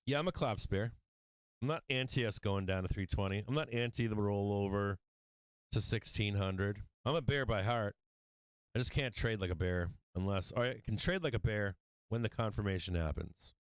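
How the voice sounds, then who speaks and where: A man with a fairly low voice talks markets on a livestream, blunt and profane, laughing between points. His tone is smooth and clear. The sound is dry and close, with no room around it. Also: moderate pace, no room sound. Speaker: stock market livestream host. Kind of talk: casual trading livestream talk.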